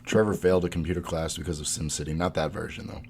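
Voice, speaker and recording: Deep-voiced man chatting on a podcast. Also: flat delivery, quick pace, darkish tone, slight background noise. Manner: rambling, laughs often. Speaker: podcast co-host. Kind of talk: casual chat.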